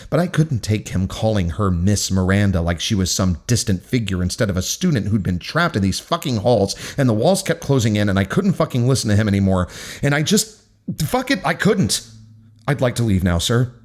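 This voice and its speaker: A man's voice: fairly low pitch, sing-song, fairly quick. A man reading a first-person novel aloud in an intense, angry, profane manner. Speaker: audiobook narrator.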